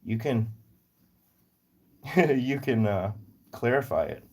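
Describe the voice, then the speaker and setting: This husky, darkish-toned man from Northern Virginia, US East Coast, speaks at medium pitch with lively intonation, slowly and with long pauses. He hosts an easygoing rescue-animal live stream, joking and meandering as he answers viewer comments.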